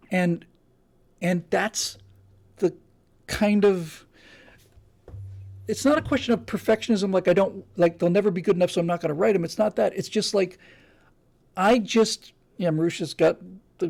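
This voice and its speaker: A man's voice: high-pitched, creaky, a little mellow. A man hosting a podcast, talking in a casual, emphatic monologue with frequent restarts. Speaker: podcast host.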